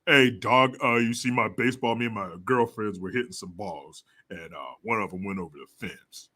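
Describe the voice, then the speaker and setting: A man voicing a deep-voiced woman asking about a lost baseball, in a low, gruff put-on voice. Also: moderate pace, sharp tone. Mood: casual.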